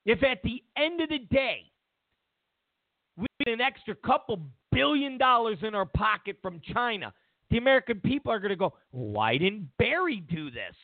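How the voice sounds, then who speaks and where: A man's voice: very high-pitched, moderate pace, no echo. A man hosting a political commentary show, talking emphatically and mockingly, often repeating himself. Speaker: host. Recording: dry, tinny phone-like sound.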